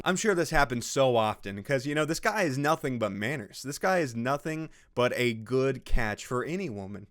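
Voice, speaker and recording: A man's voice: mid-range voice, lively intonation, normal speed, hardly any pauses, fairly bright tone. A man giving casual, sarcastic commentary on a post he is reading, swearing freely and laughing at his own jokes. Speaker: video host reacting to a social media post.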